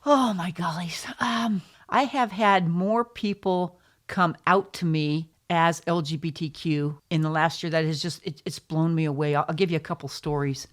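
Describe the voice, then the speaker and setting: A woman's voice: deep voice, moderate pace, few pauses. A middle-aged American woman, an author interviewed in casual chat, telling stories with effusive exclamations. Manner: effusive, warm storyteller with exclamations. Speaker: author guest.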